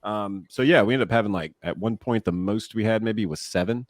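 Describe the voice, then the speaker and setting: A man in his forties, a former pro ballplayer turned broadcaster, telling animated stories in a casual podcast interview. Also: fairly low pitch, fairly quick, no echo, clean studio sound. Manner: animated, laughing storyteller who acts out quotes.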